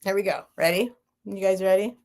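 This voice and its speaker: A woman's voice: mid-range voice, fairly even intonation, a little fast, a little mellow. A woman casually chatting on a live stream as she hosts a vintage sale, rambling and laughing as she interrupts herself. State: near tears.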